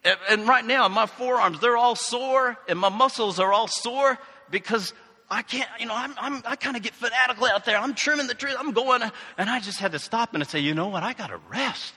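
A man's voice: extremely high pitch, moderate pace, sharp tone. A male pastor from the United States preaching a conversational sermon with asides and questions to the congregation. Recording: reverberant hall.

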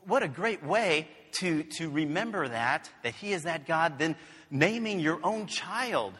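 A man's voice: fairly high pitch, bright, forceful tone, breathy edge, big-room sound. A man preaching a sermon in an earnest, conversational way, telling family stories. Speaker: pastor.

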